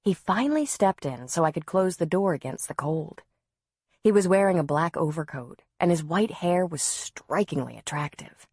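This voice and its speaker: A woman narrating a novel in the first person, in a measured, softly expressive way. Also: lowish voice, husky, dry recording, clean studio sound. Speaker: audiobook narrator.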